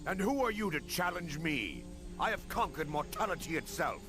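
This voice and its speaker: An actor playing an arrogant undead sorcerer who talks boastfully and menacingly in a video game. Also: male voice, a little high, sing-song, normal speed, over music. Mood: defiant.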